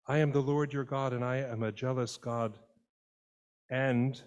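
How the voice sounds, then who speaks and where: A man preaches in a church sanctuary, talking with his congregation in a relaxed, conversational way and lifting his voice to act out quoted words. His voice sits at an ordinary middle pitch. A long reverb trails each phrase through the hall. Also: unhurried, clear, resonant tone. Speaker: pastor. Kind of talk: sermon.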